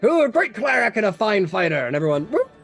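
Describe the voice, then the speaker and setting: Guy doing a loud hearty old warrior who drinks a lot, kinda high voice, faint music behind. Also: very animated, fast, gravelly, full character voice. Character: big boisterous hard-drinking older male warrior.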